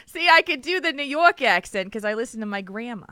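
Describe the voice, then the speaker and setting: A woman's voice: a little high, animated, fairly quick, sharp tone, dry recording, studio quality. A woman hosting a podcast from home over a video call, chatty and laughing often. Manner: giggly, chatty. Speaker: podcast host. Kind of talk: casual podcast chat.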